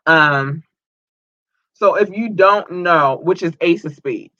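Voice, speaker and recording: Excitable man hosting a solo podcast. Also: on the high side, slow, dry recording, muffled recording. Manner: excitable, thankful, chatty. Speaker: podcast host. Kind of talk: solo podcast shout-outs.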